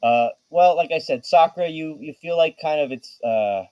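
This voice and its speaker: Man game master, slightly high, hesitant narration in a dry room. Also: moderate pace, smooth, dry recording, dull audio. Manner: hesitant, many restarts.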